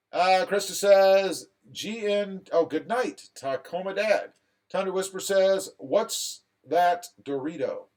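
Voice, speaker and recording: Laid-back man reading livestream chat. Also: high-pitched. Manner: easygoing, joking, reads viewer comments aloud. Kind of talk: casual live chat.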